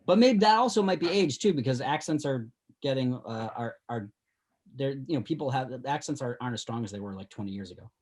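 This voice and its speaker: A man with a light Boston accent and a somewhat husky voice talks through a casual podcast conversation. He explains things at length, full of fillers, restarts and asides. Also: mid-range voice, animated, fast, a little mellow. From Massachusetts, inland of the South Shore. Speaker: podcast host, former tour guide. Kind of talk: casual chat.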